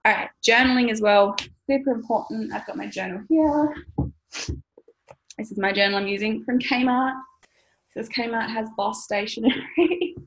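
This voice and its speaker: A woman's voice: fairly high pitch, normal speed, rough recording. A woman in her thirties, talking casually to camera as a money mindset coach, chatty, laughing often and swearing now and then.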